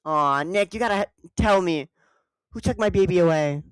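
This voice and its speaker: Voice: normal speed, smooth, no echo, natural voice. A game player voicing a distraught young man accused of murder, in a melodramatic, wailing way. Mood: despairing. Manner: melodramatic, high, loud wailing.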